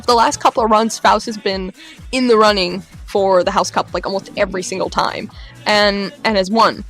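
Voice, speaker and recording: A young woman vlogger telling an excited story, acting out the voices of the people she quotes with big jumps in pitch. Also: moderate pace, soft background music.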